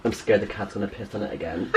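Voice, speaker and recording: A young man vlogging casually from his bedroom, exclaiming and laughing a lot as he clears out his closet. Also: on the low side, fast, slight background noise. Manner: animated, exclamatory, laughs often. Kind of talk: casual chat. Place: bedroom at home.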